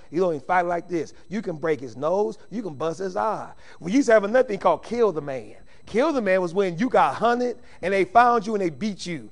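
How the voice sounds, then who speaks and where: Gravelly preacher swinging loud to hushed. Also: male voice, high-pitched. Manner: swings from loud shouting to hushed intimate speech. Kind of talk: sermon.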